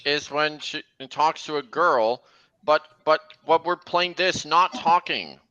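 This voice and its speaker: A man chats casually while streaming a game, often talking over his friends. His voice is bright and sits somewhat high. He keeps the conversation going as host. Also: slow pace, clear, resonant tone, dry recording, lo-fi sound. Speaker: streamer hosting a gameplay chat. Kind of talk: casual livestream chat over gameplay.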